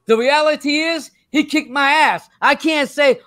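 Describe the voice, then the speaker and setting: An older man with a strikingly high voice argues hard, repeating phrases and talking over whoever tries to cut in. The sound is dry with no room around it. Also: normal speed, dry recording. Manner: forceful, swears, repeats himself, cuts in. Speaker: boxing fan in a debate. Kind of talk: heated street argument.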